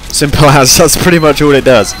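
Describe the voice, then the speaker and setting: A man's voice: fairly high pitch, brisk, a bit bright. A tired young man giving rambling, chatty commentary over his gameplay, yawning between points. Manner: rambling, chatty, self-deprecating.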